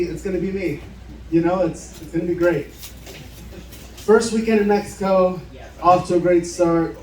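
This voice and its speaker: A man's voice: a little high, a little mellow. A man telling a live story at a bar show, casual and swearing, playing the people in his tale. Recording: echoey room, mic heard from a distance. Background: audience cheering and laughing.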